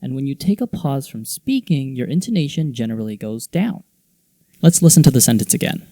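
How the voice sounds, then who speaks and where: A man hosting a teaching video, explaining intonation in clear scripted narration and acting out example phrases. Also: mid-range voice, animated, fairly quick, warm tone, dry recording. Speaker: English teaching video host.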